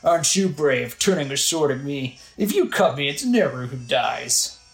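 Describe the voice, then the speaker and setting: A game player reading out the lines of a sly female sorceress villain from a video game, slow and menacing. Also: mid-range voice, animated, roomy sound, faint music behind, lightly acted. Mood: taunting.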